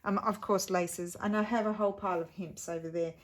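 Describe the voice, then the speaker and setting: A woman's voice: mid-range voice, steady tone, a little fast. A middle-aged woman hosting a casual craft tutorial, chatting in a rambling way that trails off and restarts as she shows her materials.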